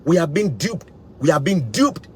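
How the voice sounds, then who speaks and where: Young man, fervent to-camera monologue with big swings in pitch. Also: big pitch swings, normal speed, darkish tone, breathy edge. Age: young adult. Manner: fervent, repeats phrases for emphasis, rallying. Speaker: vlogger.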